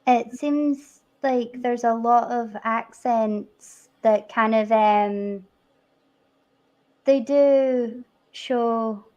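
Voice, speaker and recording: A woman's voice: on the high side, fairly even intonation, mellow. Giggly Edinburgh-accented woman, lo-fi. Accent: Edinburgh Scottish. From Scotland. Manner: giggly, chatty, quick to laugh. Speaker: stream host. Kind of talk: casual livestream chat.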